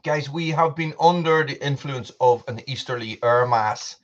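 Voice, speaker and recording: A man's voice: medium pitch, normal speed. A man from Britain hosting a casual live stream, chatting to viewers by name and eating popcorn as he talks. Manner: chatty, reads out viewer names, eats popcorn while talking. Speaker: livestream host. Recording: dull lo-fi sound.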